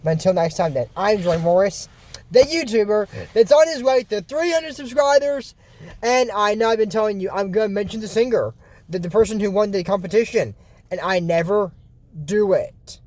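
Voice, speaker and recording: Male YouTuber host, mellow tone, casual rambling delivery with restarts. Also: sits high, moderate pace. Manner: loose, meandering retelling with frequent restarts. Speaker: YouTuber recapping cartoon episodes.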